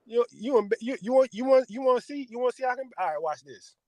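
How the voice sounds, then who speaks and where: A man co-hosting a casual podcast, telling animated stories and acting out quotes in put-on voices. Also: fast talker, dry recording. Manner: animated storyteller, acts out quotes with big pitch jumps. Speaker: podcast co-host.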